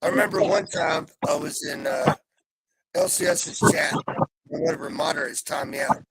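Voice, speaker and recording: A man on a live panel chat, talking in a vulgar, loud, abrasive way as he tells stories. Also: on the high side, normal speed, gravelly, noisy background. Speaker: regular panelist.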